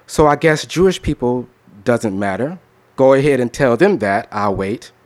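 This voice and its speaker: A man's voice: mid-range voice, expressive, moderate pace, a little mellow. A man talking loosely with an audience, then performing a spoken word poem with a rhythmic, emphatic delivery. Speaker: poet. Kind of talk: spoken word poetry reading.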